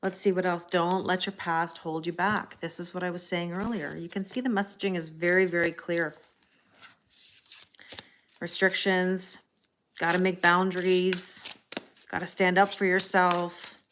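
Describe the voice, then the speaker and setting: A woman's voice: lowish voice, a bit bright, slight background noise. A middle-aged woman hosting a live tarot reading, chatting casually, laughing often and answering viewers' comments. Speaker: tarot reader hosting a livestream.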